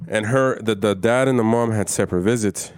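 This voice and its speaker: A man's voice: lowish voice, fairly quick, smooth, no room sound. A young man co-hosting a podcast, telling stories in a blunt, profane, casual way. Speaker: podcast co-host. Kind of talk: casual chat.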